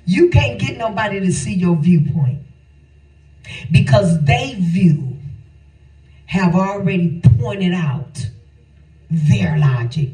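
A man's voice: high-pitched, animated, slow pace, long pauses, warm tone, distant mic. A man preaching a sermon, repeating his lines for emphasis and calling out to the congregation. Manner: call-and-response preaching, repeats phrases for emphasis. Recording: echoey room, voice from off-mic.

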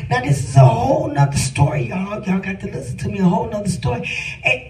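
Her voice is mid-range and a little mellow as this middle-aged woman recounts a personal testimony with emotion. She speaks emphatically, turning directly to her listeners, while faint music plays and the distant mic picks up a roomy sound.

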